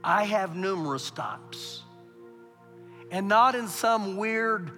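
Man preaching, high voice, reverberant church hall. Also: expressive, slow, faint music behind. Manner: preaching with big swings from quiet to loud. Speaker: pastor. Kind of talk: sermon.

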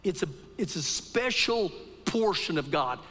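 A man preaching a sermon at a live church service, dropping to quiet, low passages and rising to loud, shouted peaks. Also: animated, measured pace. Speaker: pastor. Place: church sanctuary. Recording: live church service in a big reverberant room.

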